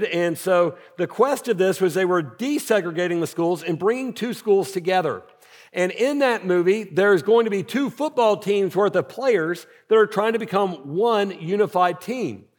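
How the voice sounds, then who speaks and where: A man preaching as a senior pastor in a church auditorium, talking conversationally and tossing rhetorical questions to the congregation. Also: sits high. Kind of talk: sermon. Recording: long hall reverb.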